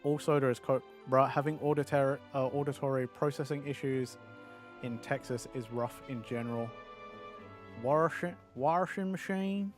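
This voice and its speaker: A man's voice: mid-range voice, flat delivery, normal speed, faint music behind. A male streamer chatting casually on a livestream, reading viewer messages aloud and answering them.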